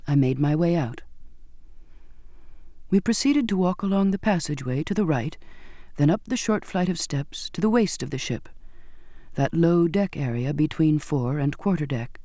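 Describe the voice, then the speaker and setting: A woman narrates a first-person story in a measured, descriptive way. Her tone is warm and mellow rather than bright. The close studio recording is dry, with no room sound. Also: sits low, expressive, no echo. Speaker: audiobook narrator.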